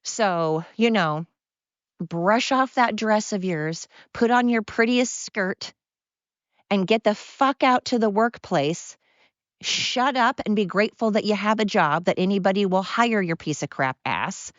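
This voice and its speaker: A woman's voice: medium pitch, measured pace, dry recording. A woman hosting her own show, delivering an angry, sarcastic solo rant with lots of emphatic repetition. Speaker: podcast host. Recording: dull lo-fi sound.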